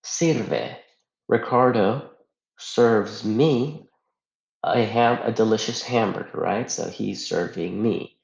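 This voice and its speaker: Low-voiced man teaching a lesson. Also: takes it slowly, creaky. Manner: patient step-by-step explaining with rhetorical questions. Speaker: Spanish teacher. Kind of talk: recorded grammar lesson. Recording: echoey room, dull lo-fi sound.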